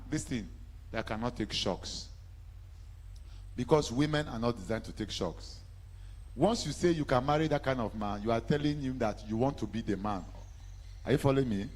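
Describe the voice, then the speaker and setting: A man's voice: mid-range voice, lively intonation, moderate pace, pauses often, darkish tone. A man preaching a sermon, drawing the congregation into call-and-response.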